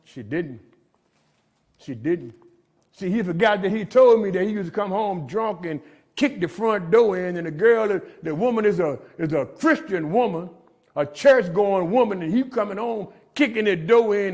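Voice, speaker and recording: A middle-aged recovery speaker with a high, darkish-toned voice gives his testimony to inmates in a jail meeting room. His talk is streetwise and preachy, and he calls everyone "man."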